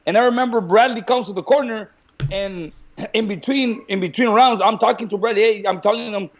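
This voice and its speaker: A man who trains boxers, telling stories in a lively way in a casual chat, often restarting his sentences. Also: high voice, brisk, highs cut off. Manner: animated, tells stories with repeats and restarts. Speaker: boxing trainer.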